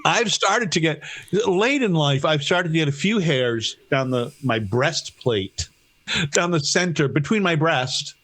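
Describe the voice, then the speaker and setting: A man's voice: fairly high pitch, lively intonation, slow pace, fairly bright tone. A man who rambles and makes bawdy jokes while hosting a casual podcast chat.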